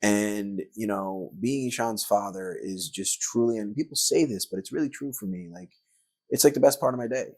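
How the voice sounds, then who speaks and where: A man's voice: lowish voice, moderate pace, vocal fry, a little mellow, no room sound. A middle-aged man, a guest on a podcast interview, telling rambling anecdotes full of filler words. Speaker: guest, actor and filmmaker.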